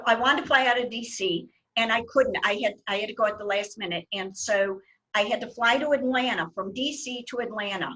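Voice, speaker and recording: A middle-aged woman hosts a relaxed conversation, her voice sitting a little high. She tells her stories with lively energy and breaks into laughter often. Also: poor audio. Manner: animated storyteller, laughs often. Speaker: host. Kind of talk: casual chat.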